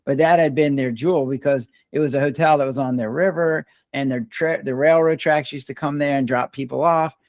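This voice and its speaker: An older man, a retired doctor and podcast guest, telling stories in a relaxed, rambling way and often restarting his words. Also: mid-range voice, fairly quick, few pauses, no room sound, clean studio sound. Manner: relaxed, rambling storyteller who restarts words mid-sentence. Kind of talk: casual storytelling conversation.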